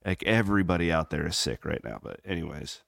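A man's voice: deep voice, lively intonation, fast talker, vocal fry, a bit bright, no echo, studio quality. A man from Southwest Iowa co-hosting a live sports podcast, rambling through casual chat with lots of fillers. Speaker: podcast co-host. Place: on the road in Memphis.

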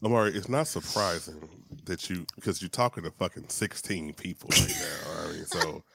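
A man co-hosting a podcast, bantering in a relaxed, slangy way. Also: deep voice, moderate pace, creaky, very noisy. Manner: laid-back banter with slang and restarts. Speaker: podcast co-host. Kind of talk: casual podcast chat.

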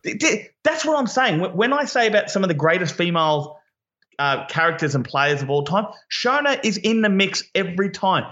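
A man co-hosting a casual recap chat, his voice bright and forceful and pitched a little high. He talks in an animated way and stumbles over repeated words when he gets excited. The sound is dull and lo-fi. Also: a little fast. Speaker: podcast co-host.

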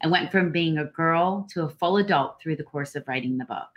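A woman's voice: low voice, brisk, muffled recording. A woman hosting an interview, reading a quote and asking the guest open questions. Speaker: interview host. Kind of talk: casual interview chat.

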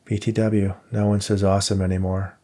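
A man voicing a dry, sarcastic young woman undergrad assistant in an audiobook, close to his own low voice. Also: level tone, fairly quick, warm tone.

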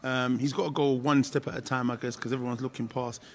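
A man's voice: mid-range voice, steady tone, quick pace. A man talking as a guest in a casual interview, often starting with "listen" and restarting his sentences. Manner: repeats "listen", restarts often, laughs easily.

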